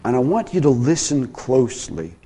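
A man preaching a sermon as pastor, with a dynamic delivery that swings from soft, low passages to emphatic, raised ones. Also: sing-song, moderate pace, husky.

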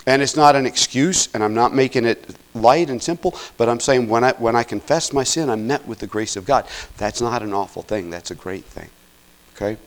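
A man preaching a sermon in an earnest teaching tone, often checking in with "okay?" and swinging between loud emphatic peaks and quiet asides. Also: medium pitch, brisk, low-quality recording. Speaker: pastor.

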